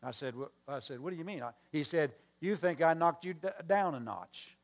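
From the pulpit, a man with a slightly higher-pitched voice tells an expressive sermon story at normal speed. He plays out both sides of the dialogue and interrupts himself with call-and-response questions and asides for the congregation.

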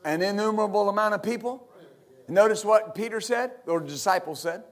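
A middle-aged male pastor from West Texas preaches a fervent sermon packed with amens and hallelujahs. His voice is high and he speaks fairly quickly.

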